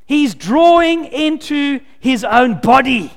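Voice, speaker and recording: High-voiced preacher with swinging emphasis. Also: male voice, very animated, slow, gravelly, few pauses, big-room sound. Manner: dynamic, swinging from loud emphasis to low, quiet asides. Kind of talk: sermon.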